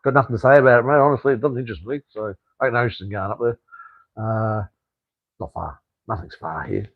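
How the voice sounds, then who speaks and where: A man's voice: fairly low pitch, fast, gravelly, dry recording, phone-quality sound. An Australian man hosting a live stream, chatting casually and bluntly with viewers, rambling and swearing freely.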